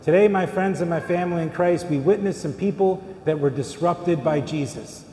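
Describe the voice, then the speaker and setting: A man's voice: a little high, normal speed, dark tone, slight background noise. A middle-aged man, a priest, preaching a sermon in a church in a conversational way, full of rhetorical questions. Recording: echoey church hall with long reverb.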